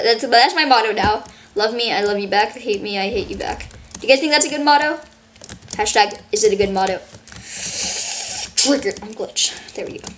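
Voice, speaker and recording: A woman giving casual, rambling gameplay commentary full of "like", her voice a bit worn from yelling. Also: medium pitch, slight background noise. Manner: rambling, fillers of "like", excitable. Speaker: gaming channel host.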